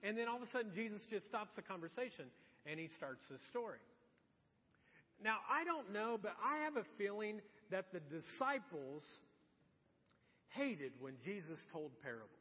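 A man's voice: high-pitched, sing-song, normal speed, slightly rough. A male pastor preaching a conversational sermon, asking rhetorical questions and acting out imagined voices. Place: church. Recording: muffled church hall with long reverb.

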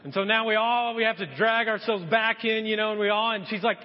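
A man's voice: high voice, steady tone, brisk. A man preaching a sermon, telling a story and acting out the voices of the people in it. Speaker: pastor. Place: church hall. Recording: muffled sound with long hall reverb.

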